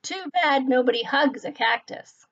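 Woman, school librarian, picture-book read-aloud, slow, high voice, dull lo-fi recording. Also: a bit bright. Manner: slow, clear storytelling.

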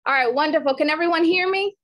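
A woman's voice: very high voice, fast, fairly bright tone. A woman in her thirties, an educator from Detroit, giving an online workshop talk and reciting a rhyming, rhythmic poem about herself over a video call. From Detroit, raised in Georgia. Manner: rhythmic, rhyming poetic delivery.

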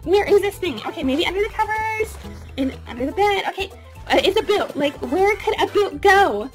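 Woman as excitable vain doll, very high voice, bursts of squeals. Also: normal speed, music in the background. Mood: excited. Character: bubbly, self-absorbed young woman doll. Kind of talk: toy play voice acting.

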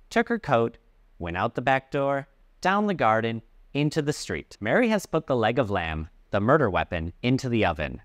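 A man teaching English, reading a story aloud and clearly explaining words along the way. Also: on the low side, no room sound, clean studio sound.

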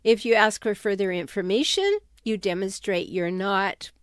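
A woman giving advice on toxic relationships in an emphatic, animated way. She sometimes drops her voice to act out quoted sarcastic remarks. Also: mid-range voice, moderate pace, clear, resonant tone, dry recording, studio quality. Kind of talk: talking-head advice video.

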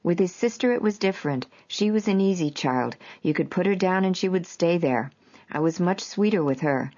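A woman's voice: fairly low pitch, expressive, moderate pace, darkish tone. A woman voicing an elderly, fretful mother who talks regretfully about being too strict, in a worried, scolding way. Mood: rueful. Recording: dull lo-fi audio.

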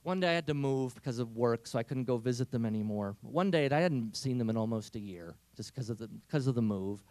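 A man giving an energetic, humorous inspirational talk to teenagers, telling stories. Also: mid-range voice, a little fast, no room sound. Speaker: speaker.

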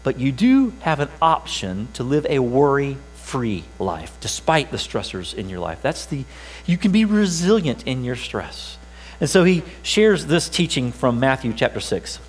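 A man's voice: medium pitch, sing-song, unhurried, poor audio. A pastor preaching a sermon in a church, emphatic and repeating his key phrases.

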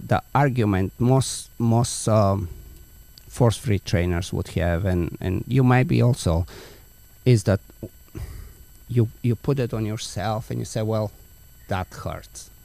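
A man's voice: fairly low pitch, a little slow, vocal fry, warm tone, dry recording. A man hosting a podcast interview, earnest and explaining his points with everyday analogies. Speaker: podcast host, dog trainer. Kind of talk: conversational interview.

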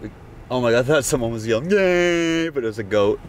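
A man's voice: mid-range voice, very fast, a little mellow, slight background noise. A man hosting a bounty hunting vlog, talking in a casual, joking, rambling way from inside a car. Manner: joking, laid-back, rambling. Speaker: bounty hunter host.

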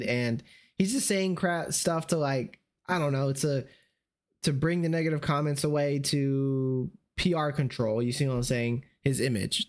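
A man's voice: a little high, a little mellow. Man, live-stream chat, slangy, repetitive, losing his voice. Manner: slangy, repeats "you see what I'm saying". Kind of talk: casual live-stream commentary.

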